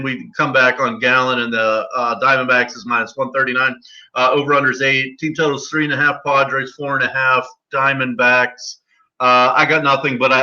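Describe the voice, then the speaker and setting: Bright-voiced man rattling off betting odds. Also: medium pitch. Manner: rattles off odds, fillers and restarts. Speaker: sports betting podcast host. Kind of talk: casual betting chat. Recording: dull lo-fi podcast audio.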